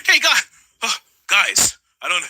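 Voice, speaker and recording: A man's voice: sits high, sing-song, unhurried, pushed and bright, voice pushed up, full character voice. A man putting on the voice of a nervous, stammering male coworker, whiny and hesitant.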